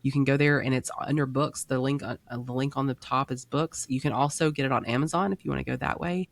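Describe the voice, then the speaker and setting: Woman host-author, gravelly, animated, casual faith talk. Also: fast talker. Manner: gushing, animated, acts out voices in high pitch. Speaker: podcast host and author being interviewed. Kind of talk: casual Christian chat.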